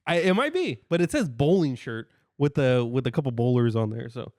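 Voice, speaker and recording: A man's voice: medium pitch, lively intonation, brisk, a little mellow, no room sound, studio quality. A man co-hosting a podcast in an easygoing, agreeable chat, often laughing along. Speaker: podcast co-host. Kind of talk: casual chat.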